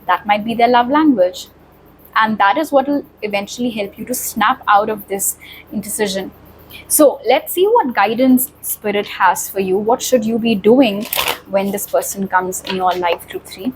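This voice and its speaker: A woman's voice: mid-range voice, normal speed, slight background noise, rough recording. A woman giving a pick-a-card tarot reading, talking straight to viewers in a reassuring way. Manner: reassuring, addresses viewers directly. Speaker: tarot reader.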